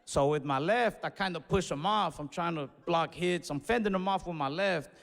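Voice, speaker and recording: A young man doing stand-up comedy, telling a story in casual slangy talk and breaking into loud acted-out yells. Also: on the high side, normal speed, creaky. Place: comedy stage in a large venue. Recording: live show in a reverberant hall with audience.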